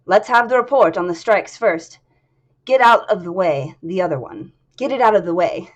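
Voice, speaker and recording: A woman's voice: on the low side, lively intonation, normal speed, lo-fi sound. Woman reading a vain brooding tycoon. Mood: commanding. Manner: commanding, curt.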